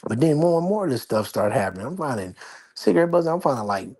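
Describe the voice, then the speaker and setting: A man with a mid-range, darkish, slightly breathy voice talks fast with big swings in pitch. He's a livestream host chatting casually from his apartment, rambling and using slang while keeping his voice low.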